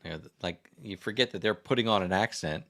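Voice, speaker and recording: American guy rambling on a livestream, kinda low voice, reading comments off a desk mic. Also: fast talker, creaky, fairly bright tone. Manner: rambling, chatty, reads comments and quizzes the audience. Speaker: livestream host. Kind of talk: casual livestream chat. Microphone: desk microphone.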